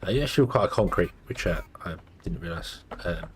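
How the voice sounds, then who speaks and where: Male streamer, sleepy, rambling play-by-play with a lower voice, light background noise. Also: lively intonation, a little fast. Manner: rambling, thinking aloud with many fillers. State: sleepy, yawning. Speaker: gameplay streamer. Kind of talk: casual gameplay commentary.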